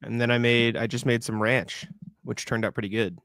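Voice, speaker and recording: A young man co-hosting a casual sports podcast, relaxed and rambling, laughing easily. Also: medium pitch, moderate pace, dry recording. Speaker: podcast co-host.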